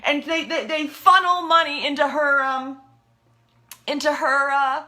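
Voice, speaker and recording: A woman's voice: high voice, unhurried, bright, forceful tone. A woman ranting about politics in a frustrated, heated way, often stumbling and restarting her words. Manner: exasperated, ranting, stammering restarts. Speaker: political video blogger. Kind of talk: impassioned political rant.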